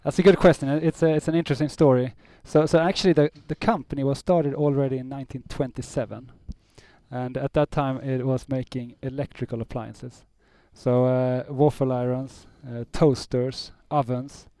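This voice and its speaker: Hesitant male guest, mellow voice. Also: mid-range voice, no echo. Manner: hesitant, many uh fillers and restarts. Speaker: company CEO, guest. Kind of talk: interview answers.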